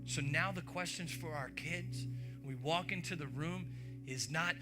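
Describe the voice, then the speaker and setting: A man preaching a sermon in an animated, playful way, often asking the congregation questions. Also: fairly high pitch, measured pace. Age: young adult to middle-aged. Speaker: pastor. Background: music.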